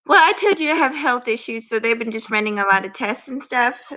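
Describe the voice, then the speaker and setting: Drowsy on medication, a live-stream guest talks casually from bed at home, hesitating and stammering. Her slightly high voice is expressive, brisk, bright and forceful. The poor audio carries a little hiss or hum.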